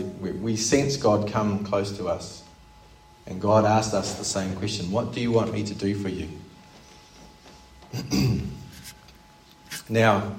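A man's voice: on the low side, a little mellow. A man preaching a sermon, earnest and explanatory, who asks rhetorical questions as he goes. He sits back from the microphone, and his voice rings in a roomy, echoing space. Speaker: pastor. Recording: roomy, from a distance.

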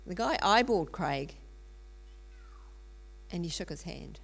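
A woman's voice: on the low side, expressive, takes it slowly, creaky. A middle-aged woman telling a story in a sermon, earnest, with frequent ums and restarts. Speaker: speaker in a church teaching series.

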